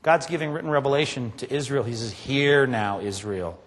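A man preaching a sermon, emphatic and animated, often asking his congregation rhetorical questions. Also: medium pitch, fairly quick, long reverb tail. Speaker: pastor.

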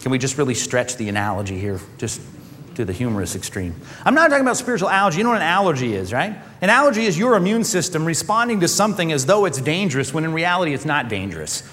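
A man preaching a sermon as pastor, animated, often acting out quoted voices. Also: on the high side, fast talker. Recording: long hall reverb.

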